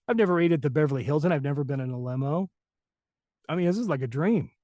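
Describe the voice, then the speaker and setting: Animated male voice actor telling a story. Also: fairly high pitch, quick pace, no echo, studio quality. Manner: animated, acts out the people he quotes. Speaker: guest voice actor. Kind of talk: casual storytelling in an interview.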